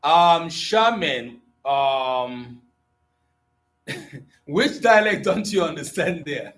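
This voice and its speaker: A man's voice: fairly high pitch, expressive, slow, fairly bright tone. Man, igbo accent, live online teacher, playful, chuckling, switching between english and igbo. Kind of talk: live online lesson, reading viewer comments.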